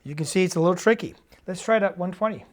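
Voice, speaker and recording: A woman's voice: fairly low pitch, racing, noisy background. A woman teaching drum rudiments, explaining and counting sticking patterns step by step in a casual, encouraging way. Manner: casual and encouraging, with fillers and check-ins. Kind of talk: instructional demonstration.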